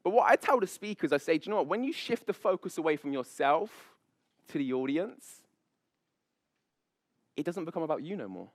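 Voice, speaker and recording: A man, a public speaking coach, leading a live seminar on stage with high energy, playful banter and frequent laughs. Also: sing-song, fairly quick, pauses often, no echo. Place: event stage before an audience.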